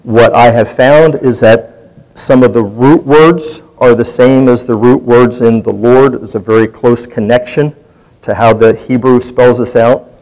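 A man's voice: mid-range voice, fairly even intonation, unhurried, a little mellow, rough recording. A man leading a Bible study, teaching in a conversational way and putting questions to his group.

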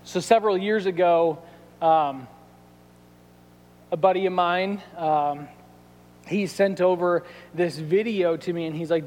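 Animated high-voiced male pastor preaching. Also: a little slow. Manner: animated storytelling with quoted asides. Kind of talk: sermon. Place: church sanctuary. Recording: reverberant church sanctuary.

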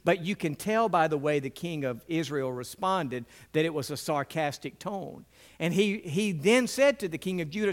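Speaking at an ordinary pace, a middle-aged male pastor delivers an earnest sermon. For emphasis he goes low and quiet, and now and then he acts out biblical figures with an animated pitch.

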